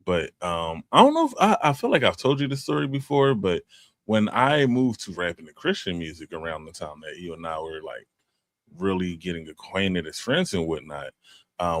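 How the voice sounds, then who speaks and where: A man's voice: low-pitched, dry recording, studio quality. A middle-aged man co-hosting a podcast, talking in a laid-back, rambling way with lots of restarts. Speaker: podcast co-host. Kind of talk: casual chat.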